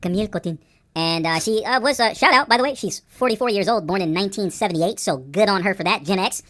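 A man in his forties co-hosting a podcast in a relaxed chat. He talks fast, swooping up and down in pitch, and hops excitably from one thought to the next. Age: 40s. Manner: animated and excitable, jumping between topics. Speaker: podcast co-host. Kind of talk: casual chat. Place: Phoenix, Arizona.

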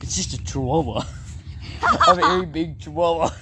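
A man's voice: fairly high pitch, fast talker, very noisy. A man co-hosting a casual chat, easygoing and rambling, who often chuckles and stops to restart his plans. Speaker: co-host.

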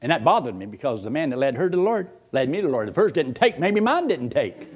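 Lively folksy male preacher. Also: fairly high pitch, fast talker. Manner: animated, chuckling, folksy, talks straight to the congregation. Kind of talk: storytelling sermon to a congregation.

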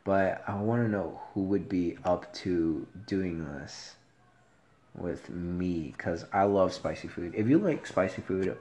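A man hosting a casual solo podcast, with a soft, low voice and a rambling, profane, laid-back way of talking. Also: slow pace. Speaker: podcast host.

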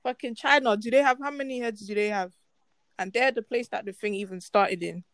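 A woman's voice: fairly high pitch, brisk, a bit bright, no echo. A young woman co-hosting a podcast, talking bluntly and swearing with exasperation. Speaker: podcast co-host. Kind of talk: casual chat.

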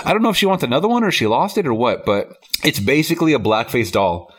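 A man's voice: mid-range voice, big pitch swings, fast talker, slightly rough. A man reviewing a film in casual podcast chat, rambling with lots of fillers and easy laughs.

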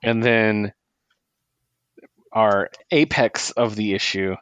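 Low-voiced enthusiastic podcast man. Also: steady tone, takes it slowly, a bit bright, smooth, dry recording. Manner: enthusiastic, rambling recaps. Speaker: podcast co-host. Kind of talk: casual comic book chat.

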